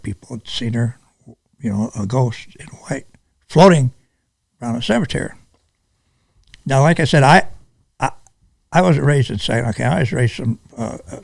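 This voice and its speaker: Older man, gravelly voice, dry close sound, halting retired cop telling stories. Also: mid-range voice, dry recording. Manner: halting, unhurried telling with many restarts. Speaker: retired police sergeant. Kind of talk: casual storytelling interview.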